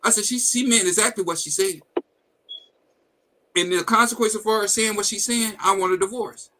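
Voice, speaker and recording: A man's voice: high-pitched, moderate pace, noisy background. A man hosting a live talk stream, telling a personal story in a blunt, profane, heated way and acting out the quoted dialogue. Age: adult with a wife and kids. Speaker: host. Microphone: video call setup.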